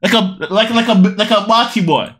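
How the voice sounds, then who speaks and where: A woman hosting a casual reaction video. She is excitable and loud, repeats phrases over and over, and swears freely. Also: mid-range voice, moderate pace.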